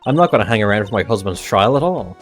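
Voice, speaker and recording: A man's voice: fairly low pitch, expressive, quick pace, soft background music, close to an everyday voice. Casting: flirty, teasing wife in a mystery game, read by a man. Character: flirty doting woman, breezy and teasing.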